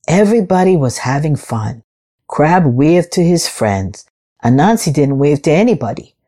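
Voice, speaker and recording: A woman reading a children's storybook aloud in a slow, expressive, gentle way. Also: low-pitched.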